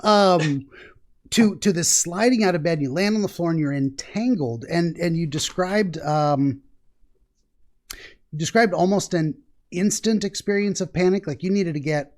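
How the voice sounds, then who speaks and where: A middle-aged American man with a slightly higher voice hosts a podcast in a relaxed, conversational way. He rambles, pokes fun at himself and laughs often. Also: normal speed. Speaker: podcast host, dream interpreter. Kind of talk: casual conversational interview.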